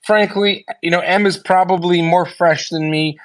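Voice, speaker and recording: A man's voice: high voice, fairly even intonation, moderate pace. Angry ranting man in a live debate. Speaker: debate participant. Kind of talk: heated live audio debate.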